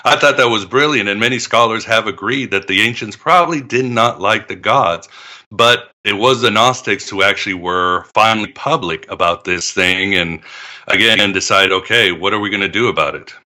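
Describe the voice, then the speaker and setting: A deep-voiced man guesting on a podcast, his low tone paired with a very bright, sharp edge. He talks expansively, spinning stories and laughing often. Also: moderate pace. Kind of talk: conversational interview.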